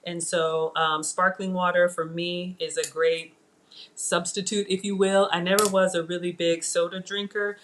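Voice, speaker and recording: A woman's voice: fairly low pitch, flat delivery, moderate pace, a bit bright, slight background noise. A middle-aged woman hosting a casual live cooking demo from her home kitchen, talking to viewers in a chatty, digressive way. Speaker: cooking show host.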